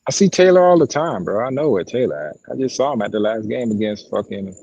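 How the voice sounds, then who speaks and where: Profane, animated man telling stories. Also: mid-range voice, fast, breathy edge, no room sound, highs cut off. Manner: profane, animated storytelling with acted quotes. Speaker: podcast co-host and sideline broadcaster. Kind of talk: casual chat, storytelling.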